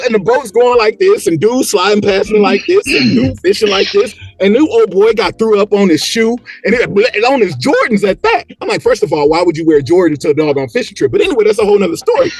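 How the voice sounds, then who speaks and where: A man telling a story as a podcast guest, animated and acting out the quotes and motions as he goes. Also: sits high, husky. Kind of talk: casual storytelling.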